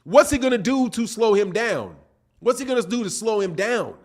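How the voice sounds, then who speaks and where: A man's voice: high voice, normal speed. A man hosting a boxing live stream, reading viewer chats and arguing his point with a string of rhetorical questions. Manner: animated, argumentative, asks repeated rhetorical questions. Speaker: boxing channel host.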